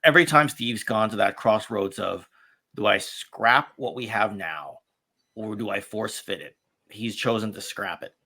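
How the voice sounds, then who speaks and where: Male co-founder, gravelly tone, lowish pitch, animated guest storyteller. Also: measured pace. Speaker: toy company co-founder. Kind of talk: casual podcast conversation.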